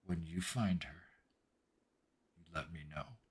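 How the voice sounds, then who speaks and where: A man voicing a mysterious female wolf shaman who speaks in slow, low, cryptic lines. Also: fairly bright tone, slightly rough, heavily acted. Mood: hushed, cryptic.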